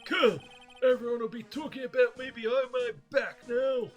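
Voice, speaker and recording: A man voicing a cranky, paranoid old male craftsman who rants and shouts. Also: steady tone, moderate pace, soft background music. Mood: furious. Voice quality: shrill, ranting. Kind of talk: game dialogue read aloud.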